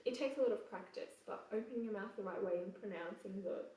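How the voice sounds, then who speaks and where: A woman with an English accent teaching choir vowel sounds in a relaxed, chatty way, breaking into sung examples. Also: mid-range voice, fast, distant mic. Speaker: choir vocal coach. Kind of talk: casual singing lesson with sung examples. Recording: roomy echo, voice away from the mic.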